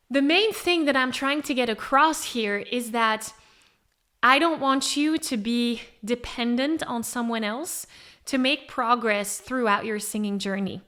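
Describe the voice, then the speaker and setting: A woman vocal coach giving a podcast lesson to singers, lively and acting out a singer's thoughts aloud. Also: fairly high pitch. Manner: animated, acts out a singer thinking aloud. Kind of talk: podcast teaching monologue.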